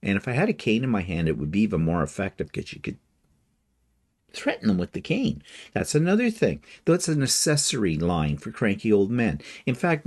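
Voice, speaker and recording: Older man with a wry, lively rant. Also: sits low. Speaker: quilting vlogger. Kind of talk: casual humorous monologue.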